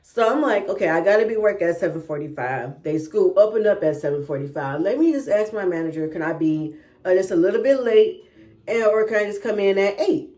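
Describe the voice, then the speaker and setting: A woman's voice: medium pitch, lively intonation, fairly quick, darkish tone. A young woman telling a personal story in a casual, chatty way, often checking in with "right?" and "y'all". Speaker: vlogger.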